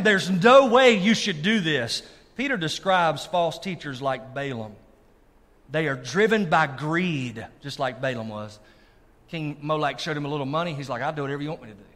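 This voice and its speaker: Animated preacher in a hall. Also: male voice, fairly high pitch. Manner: animated preacher, asks the congregation if they are listening. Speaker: pastor. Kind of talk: sermon. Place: church sanctuary. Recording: long reverb of a large hall.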